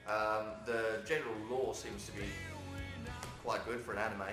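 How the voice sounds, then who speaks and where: A man's voice: on the low side, normal speed. A young man chatting casually and animatedly while watching a game being played. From South London, England. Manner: animated, swearing, laughs easily. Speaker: gamer co-host. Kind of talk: casual gaming chat. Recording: roomy room, game music behind.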